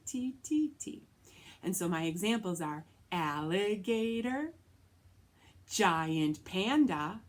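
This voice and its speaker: A woman music teacher giving a recorded lesson to children, explaining patiently and clearly and speaking rhythm syllables aloud. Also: medium pitch.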